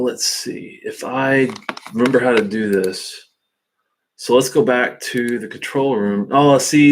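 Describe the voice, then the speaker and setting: A man hosting a casual live stream from home, thinking aloud in a halting way with many fillers and restarts, speaking into a webcam. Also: medium pitch, slight background noise. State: hiccups.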